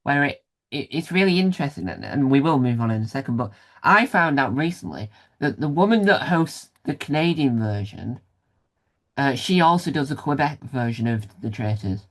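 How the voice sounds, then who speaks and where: A man's voice: medium pitch, lively intonation, moderate pace, a bit bright. A man hosting a casual interview, rambling and self-deprecating with many restarts. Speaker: podcast host interviewer.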